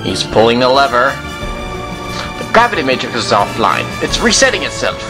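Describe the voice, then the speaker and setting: A man's voice: mid-range voice, huge pitch swings, moderate pace. A man voicing a worried, loyal young companion with an American accent in a fan animation, speaking in an anxious, pleading way, with faint music underneath.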